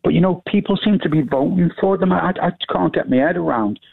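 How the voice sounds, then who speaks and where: A man calling in to a radio phone-in, exasperated and halting as he speaks. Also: sits high. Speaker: caller. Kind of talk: phone-in call. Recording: husky voice on a tinny phone line.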